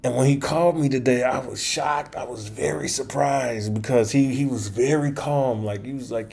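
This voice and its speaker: A man's voice: medium pitch, moderate pace, gravelly, a little mellow, slightly rough. Rambling man telling a story to camera. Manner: rambling, with many restarts and slangy asides. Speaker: channel host. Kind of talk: casual storytelling monologue.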